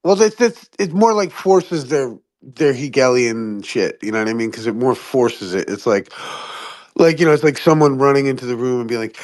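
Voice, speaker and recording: A man chatting casually on a podcast, swearing often and jumping into high-pitched impressions of other people. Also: moderate pace. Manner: profane, animated, mimics people in high voices. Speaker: podcast host. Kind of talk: casual chat.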